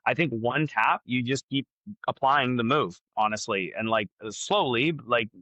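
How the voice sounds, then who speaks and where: A man talks frankly as a podcast guest and works through his opinions aloud, with plenty of fillers and restarts. His voice is bright and forceful. The sound is dry and close. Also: mid-range voice, a little slow, no echo, low-quality recording. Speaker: jiu-jitsu black belt and academy owner, guest. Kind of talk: casual podcast conversation.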